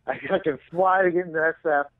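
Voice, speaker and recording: Fast-talking, profane comedian telling stories. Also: male voice, a little high, no echo, narrow, tinny audio. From San Francisco area. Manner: animated, profane storytelling with acted-out quotes. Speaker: comedian guest. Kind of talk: storytelling in casual interview.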